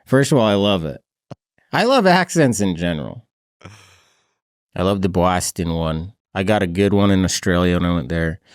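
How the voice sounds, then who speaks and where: Host: low-pitched man, animated and chatty, dry close-miked sound. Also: moderate pace, no echo. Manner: chatty, laid-back, laughs often. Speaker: podcast host. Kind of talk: casual chat.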